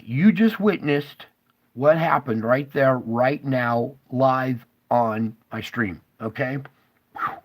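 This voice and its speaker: A male online streamer with a mid-range voice walks viewers through space-weather charts on screen during live commentary. He sounds urgent, alarmed, and emphatic, pointing things out and often checking in with "okay?" and "all right?" His delivery swings between loud bursts and hushed asides.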